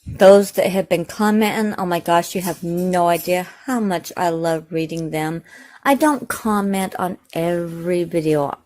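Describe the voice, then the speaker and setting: Chatty woman with a low voice. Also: unhurried, a little mellow. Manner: rambling, chatty, lots of fillers and self-corrections. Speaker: home cooking vlogger. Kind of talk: casual cooking vlog chat. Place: home kitchen.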